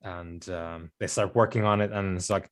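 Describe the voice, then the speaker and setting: A man narrating as game master of a tabletop role-playing game, talking in a halting way with many fillers and restarts. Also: sits low, steady tone.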